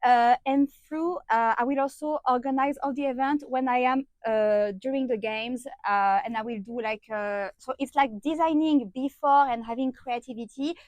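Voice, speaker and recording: Chatty French-accented woman, higher voice. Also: normal speed, hardly any pauses, darkish tone, no room sound, poor audio. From France. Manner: chatty, frequent filler sounds and restarts. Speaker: podcast guest, event designer. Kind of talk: casual interview chat.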